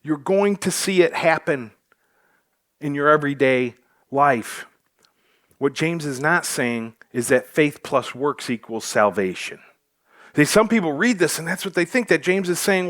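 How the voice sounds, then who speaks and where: A man's voice: on the high side, lively intonation, unhurried, a bit bright. A male pastor preaching a sermon to his church, joking with the congregation as he goes. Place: church sanctuary.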